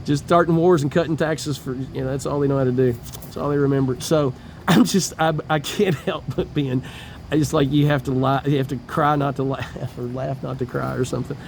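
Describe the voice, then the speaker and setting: A man's voice: medium pitch, steady tone, a little fast, creaky, darkish tone, slight background noise. A middle-aged man in a homeless shelter, ranting bitterly and profanely, laughing through his grievances. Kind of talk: profane personal rant to camera.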